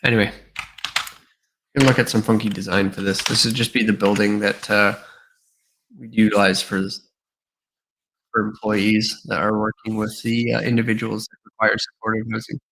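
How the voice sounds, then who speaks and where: A tired man with a fairly low voice hosts a livestream, thinking aloud as he works. He halts often with fillers, and his voice sounds a little worn. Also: level tone, normal speed, pauses often, a bit bright, slight background noise, low-quality recording. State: tired, slightly losing his voice. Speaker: livestream host and designer. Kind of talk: casual livestream commentary.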